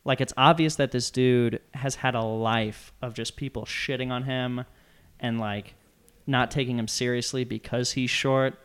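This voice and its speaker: A young man chatting casually, retelling a story with animated, loud acted-out quotes. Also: mid-range voice, unhurried, clear, resonant tone. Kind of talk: casual chat.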